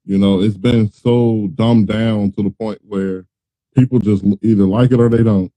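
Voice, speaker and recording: Low, mellow-voiced male host. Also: fairly even intonation, normal speed, dry recording, poor audio. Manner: easygoing, complimentary, restarts. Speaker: podcast host. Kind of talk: casual interview.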